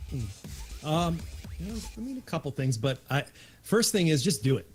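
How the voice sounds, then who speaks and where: Laid-back male guest, mid-range voice, with background music playing clearly. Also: fairly high pitch, big pitch swings, moderate pace. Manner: easygoing, laughs often. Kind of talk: casual interview chat.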